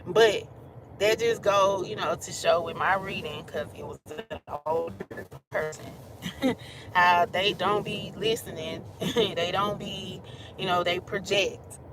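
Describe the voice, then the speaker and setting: A woman with a lowish voice runs a casual tarot reading, chatting loosely and breaking into laughs as she talks. Traffic noise hums clearly behind her the whole time. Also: fairly even intonation, slow pace. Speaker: tarot reader.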